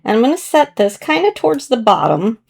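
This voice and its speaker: A slightly hoarse woman chatting gently through a casual crafting tutorial as she works with her hands, now and then clearing her throat. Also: a little high, very animated, a little fast. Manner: chatty, gentle, talks while working with hands. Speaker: card-making demonstrator.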